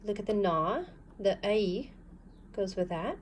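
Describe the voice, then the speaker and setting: A woman's voice: medium pitch, animated, takes it slowly, a little hiss or hum. A woman teaching a recorded phonics lesson, guiding learners patiently step by step and sounding out syllables. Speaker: language teacher.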